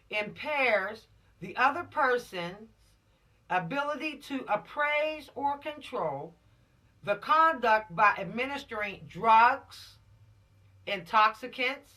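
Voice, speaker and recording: A woman's voice: on the high side, pushed and bright, recorded from a distance. A woman teaching a law course to teens, preachy and emphatic, repeating her warnings and dropping into slang. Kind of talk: lecture to teens.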